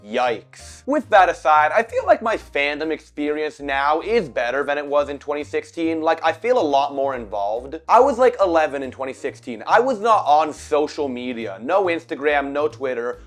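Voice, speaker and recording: A man in his twenties with a scratchy, cracking voice, giving profane, animated commentary on a video game. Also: on the high side, normal speed, hardly any pauses, faint music behind. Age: 20s. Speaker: video essayist. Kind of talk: ranting commentary.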